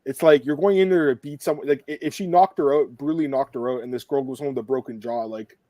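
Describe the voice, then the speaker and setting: Fast-talking joking male podcast host. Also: mid-range voice, fairly even intonation, mellow, dry recording. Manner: joking, rambling. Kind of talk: casual podcast chat.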